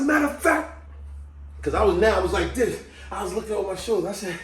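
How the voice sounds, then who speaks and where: A man vlogging an animated personal story, laughing and jumping into loud, excited outbursts when quoting himself. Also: high voice, quick pace, faint music behind. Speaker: video creator telling a personal story. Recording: roomy echo, from off the mic.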